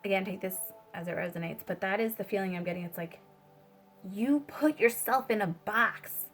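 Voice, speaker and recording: A woman's voice: mid-range voice, normal speed, a bit bright, soft background music. A woman giving a casual spiritual tarot reading, rambling with many fillers and swearing freely. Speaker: tarot reader.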